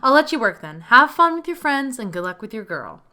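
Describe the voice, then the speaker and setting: A woman playing an excited, teasing coworker. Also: on the high side, a little fast. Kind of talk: reading game dialogue aloud.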